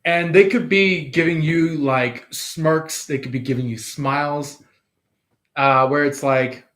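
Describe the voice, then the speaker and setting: A man's voice: a little high, steady tone, takes it slowly, fairly bright tone. A man giving a casual tarot reading, rambling with many fillers and restarts. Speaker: tarot reader.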